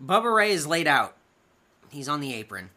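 A man co-hosting a podcast, recapping wrestling matches in casual chat and acting out the wrestlers' lines in loud bursts. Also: on the high side. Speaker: podcast co-host.

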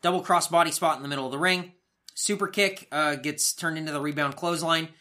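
Animated, bright-voiced man recapping wrestling. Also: on the high side, brisk. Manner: animated, swearing, acts out quoted lines. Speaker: podcast co-host. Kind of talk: casual wrestling recap chat.

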